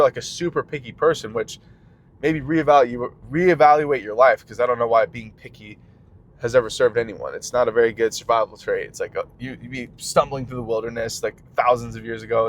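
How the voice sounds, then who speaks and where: Man, casual vlog rant from a car, filler-heavy, rambling, tangent after tangent, small business owner, mid-pitched voice. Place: in a car while driving.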